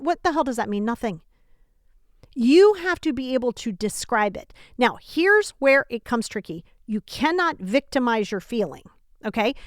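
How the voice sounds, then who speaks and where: A woman's voice: on the high side, dry recording, studio quality. A woman hosting a self-help podcast from home, talking casually and emphatically straight to the listener, often asking rhetorical questions. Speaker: podcast host.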